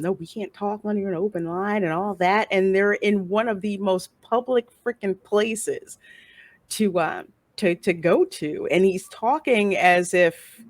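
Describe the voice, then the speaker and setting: A woman's voice: lowish voice, dry recording. A woman hosting a casual show, chatting animatedly about a TV episode and acting out how the audience reacts. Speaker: host reviewing a TV episode. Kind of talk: casual chat.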